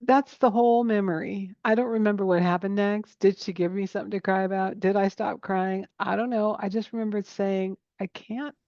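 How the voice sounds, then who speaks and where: A woman's voice: medium pitch, brisk, hardly any pauses, dry recording. Middle-aged woman host, storytelling, slightly dull lo-fi sound. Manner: storytelling, animated retellings. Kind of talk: casual chat.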